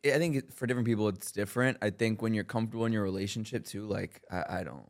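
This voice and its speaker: A man guest on a podcast, speaking in a relaxed, matter-of-fact way. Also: lowish voice, quick pace. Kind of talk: casual chat.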